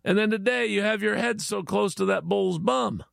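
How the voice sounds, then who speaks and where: A man voicing a blunt, exasperated neighbor bloke in a spoken joke, complaining loudly. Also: high-pitched, moderate pace, gravelly, no echo, clean studio sound, voice pushed up, exaggerated voice. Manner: loud, incredulous complaining.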